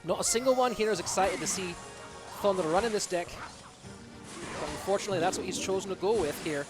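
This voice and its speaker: A man's voice: sits high, fast talker, music in the background. A man voicing an esports caster in a put-on Scottish accent, commenting live on a match in a playful, hammed-up way. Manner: playful, hamming it up.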